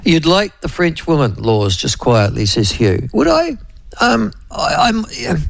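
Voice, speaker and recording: A man's voice: fairly high pitch, wildly swooping pitch, unhurried, vocal fry, a little hiss or hum. A man with a New Zealand accent hosting a casual radio chat, rambling with lots of fillers and restarts. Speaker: radio host.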